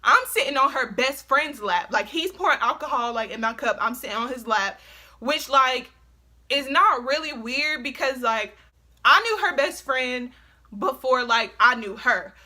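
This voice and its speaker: Young woman telling a storytime, high bright voice, swears a lot. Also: measured pace. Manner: animated, swearing, lots of slang and fillers. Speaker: vlogger. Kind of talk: casual storytime.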